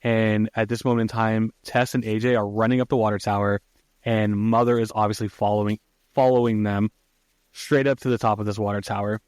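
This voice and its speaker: A man on a podcast loosely retelling a film plot, with swearing and frequent "uh"s and "like"s. His voice is low, and the recording is dry and close with no room sound. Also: little pitch movement, brisk, darkish tone, clear, resonant tone, no room sound. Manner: casual, profane, many fillers. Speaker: podcast host. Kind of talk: casual movie recap.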